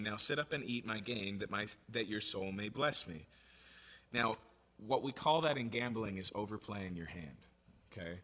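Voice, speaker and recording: A man giving an expository sermon, reading scripture aloud and explaining it in a conversational, animated way. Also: mid-range voice, breathy edge. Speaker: preacher.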